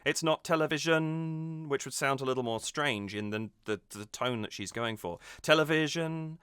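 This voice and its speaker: Reflecting on how a song is built, this man, a music reaction host, speaks in a relaxed, analytical manner, often stopping to rephrase or restart mid-sentence. The close, dry recording carries no room sound and captures his smooth, bright, mid-range voice.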